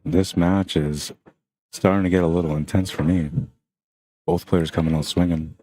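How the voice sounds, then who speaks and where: Deep, flat-voiced male pool commentator. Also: moderate pace. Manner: chatty, greets viewers by name. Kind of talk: live stream commentary.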